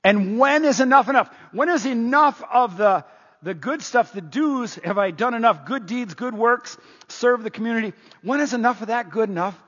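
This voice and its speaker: Pastor, man, higher voice with a husky edge, earnest rhetorical sermon, dull reverberant church recording. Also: expressive, moderate pace, a bit bright. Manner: earnest, rhetorical questioning preacher. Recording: dull lo-fi sound with long hall reverb.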